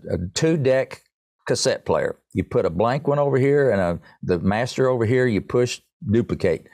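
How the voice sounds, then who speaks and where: A man's voice: on the low side, a little mellow, no room sound, clean studio sound. A man being interviewed, telling a long rambling story about his music and often restarting his sentences. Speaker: songwriter guest.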